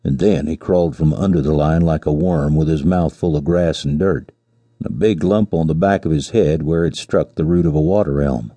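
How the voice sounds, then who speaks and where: Low, husky male audiobook narrator. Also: mellow, dry recording. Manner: measured, storytelling. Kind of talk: scripted narration.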